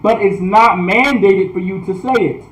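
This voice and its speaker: A man teaching a language class online, repeating points, often asking "all right?", and sounding out words slowly. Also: high voice, roomy sound, low-quality recording. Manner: repetitive, checks in with "all right?"; restarts sentences often. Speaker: priest.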